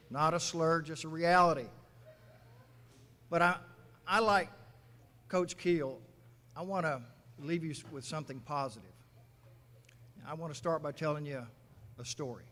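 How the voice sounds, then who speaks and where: 60s guy, a mayor giving a grad speech, folksy storyteller, bit of a higher voice, long echoey hall. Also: a bit bright, slight background noise. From United States. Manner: folksy storytelling with quoted dialogue. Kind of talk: commencement address. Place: large graduation venue. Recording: echoey hall from a public address.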